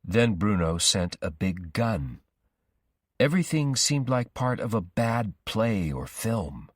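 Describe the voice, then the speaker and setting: A man reading a simplified story aloud slowly and deliberately for English learners. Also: lowish voice, sing-song, dry recording, studio quality. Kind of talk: graded reader narration for English learners.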